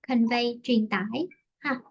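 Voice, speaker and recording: A woman from Vietnam with a Vietnamese accent, teaching an online English lesson in a halting way, often repeating and rephrasing herself. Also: a little high, vocal fry, slightly rough, muffled recording.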